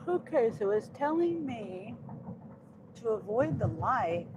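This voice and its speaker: A woman's voice: on the high side, big pitch swings, slow, muffled recording, noisy background. A woman vlogging casually from her car about her delivery gig, muttering to herself with frustrated asides. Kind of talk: casual talking while driving.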